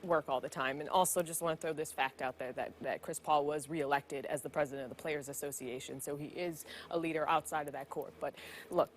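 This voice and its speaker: A woman hosting a sports talk show, introducing segments and weighing in calmly. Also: deep voice, a little fast, a little hiss or hum.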